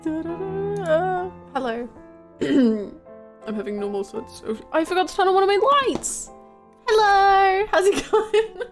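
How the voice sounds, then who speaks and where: A woman's voice: very high-pitched, lively intonation, measured pace, faint music behind. A woman streaming from home, chatting casually with her viewers, laughing often and greeting them by name in a playful, chaotic way.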